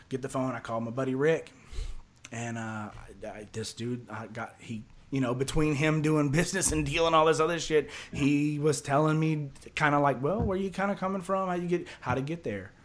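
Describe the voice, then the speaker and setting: A man's voice: mid-range voice, moderate pace. A man telling a long personal story as a podcast guest, rambling, repeating words and acting out other people's lines. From Houston area, Texas. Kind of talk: casual storytelling.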